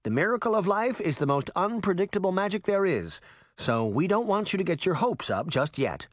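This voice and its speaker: A man's voice: high-pitched, big pitch swings, brisk, no room sound, studio quality, voice pushed up. A man voicing a kindly, practical middle-aged nurse who explains things plainly, in a storybook reading. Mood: explaining. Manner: explanatory, matter-of-fact.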